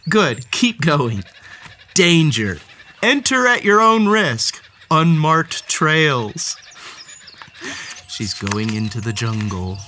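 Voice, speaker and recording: A theatrical children's story narrator whose pitch swoops wildly up and down from line to line. The delivery is slow and unhurried, every phrase stretched out for young listeners, with a steady hiss of background noise under the voice. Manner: playful, theatrical, talks directly to the story's cat. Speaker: storybook read-aloud host.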